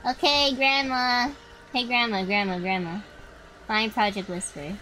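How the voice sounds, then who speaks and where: Young woman streamer yelling and cursing at a game, kinda high voice, a bit of hiss behind. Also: a little slow, poor audio. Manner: excitable, swears freely, talks to chat. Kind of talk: live gameplay commentary.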